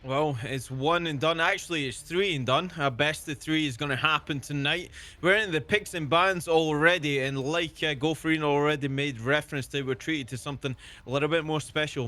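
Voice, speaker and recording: A man casting a live esports match, energetic and quick to toss questions to his co-caster. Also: a little high. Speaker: play-by-play caster.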